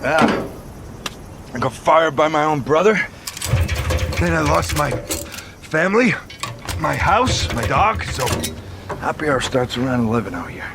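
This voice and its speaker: An actor playing a bitter, down-on-his-luck man who speaks in a sardonic, gruff way. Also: on the high side, lively intonation, measured pace, pauses often. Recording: film clip with background noise.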